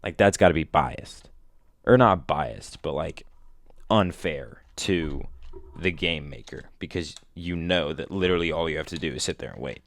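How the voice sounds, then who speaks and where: A man's voice: very deep voice, normal speed, no room sound. A young man rambling casually to a listener in a slangy way, bursting out now and then. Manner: slangy, rambling, animated outbursts. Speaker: vlogger.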